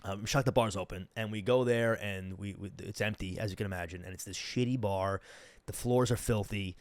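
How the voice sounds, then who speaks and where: Young male podcast host, animated profane storyteller, dry close sound. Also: on the low side, fairly quick, no room sound. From United States. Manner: animated, profane, acts out quoted people. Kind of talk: casual storytelling monologue.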